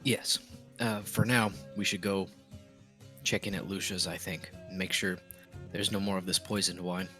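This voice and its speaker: A man with a fairly low voice plays a tabletop game with friends. He talks hesitantly, full of pauses, and fumbles over simple numbers. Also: fairly even intonation, over music. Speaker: player.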